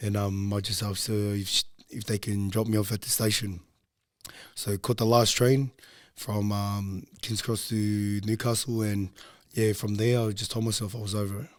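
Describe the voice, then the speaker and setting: Young male guest, low voice, rambling casual storyteller, dry close sound. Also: little pitch movement, normal speed, no room sound. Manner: low-key, loose, rambling with frequent ums. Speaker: podcast guest.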